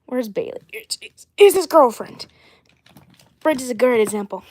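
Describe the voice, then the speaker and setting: A woman hosting a casual doll livestream, rambling and often clearing her throat. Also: on the high side, animated, normal speed, darkish tone. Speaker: doll channel host.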